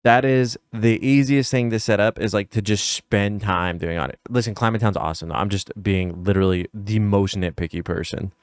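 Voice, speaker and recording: A man's voice: on the low side, steady tone, moderate pace, hardly any pauses, clear, resonant tone, dry recording. A man streaming a casual reaction to a video, nitpicky and emphatic as he talks straight to his viewers.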